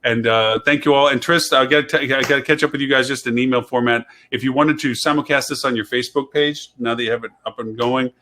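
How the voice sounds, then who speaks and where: A man's voice: medium pitch, steady tone, fast talker, few pauses, pushed and bright, a little hiss or hum. A man hosting a live online show, chatting in a rambling, talkative way and laughing often. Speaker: host. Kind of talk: casual live-show chat.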